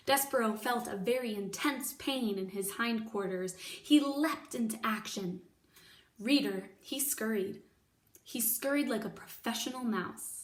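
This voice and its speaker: A woman teacher reads a children's novel aloud, expressive and lively, giving each character a voice of its own. She sounds set back from the microphone, and the room around her adds a clear echo. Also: a little high. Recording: echoey room, mic at a distance.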